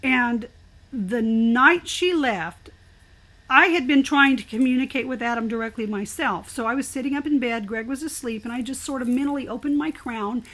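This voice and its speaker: An older woman, a guest in an interview, telling her story in an animated, expressive way. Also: on the high side, moderate pace.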